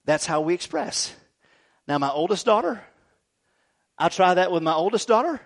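A middle-aged male pastor giving a sermon in an animated, jokey way, often checking in with "right?". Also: high-pitched, normal speed. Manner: animated, jokey preaching with frequent "right?" asides.

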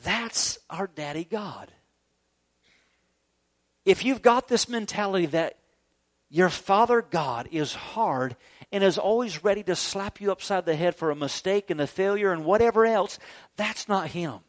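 A pastor in his thirties preaching with a high, light male voice. He is earnest, and he swings between loud, urging pushes and soft, tender passages. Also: lively intonation, measured pace. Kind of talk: sermon. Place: church grounds.

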